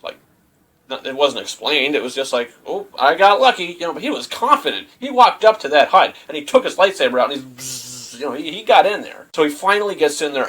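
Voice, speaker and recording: A young man casually reviewing a movie, retelling scenes in a rambling, animated way with lots of fillers. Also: medium pitch, husky, rough recording.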